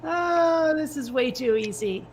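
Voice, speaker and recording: A woman's voice: a little high, normal speed, a little hiss or hum. A woman in casual chat, firing off dry, teasing comebacks.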